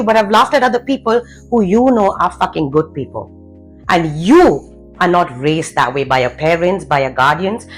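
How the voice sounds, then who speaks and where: Talking straight to camera, a woman confidence coach hammers out rhetorical questions in a blunt, profanity-laced motivational rant. She has a lowish voice, and the audio is poor.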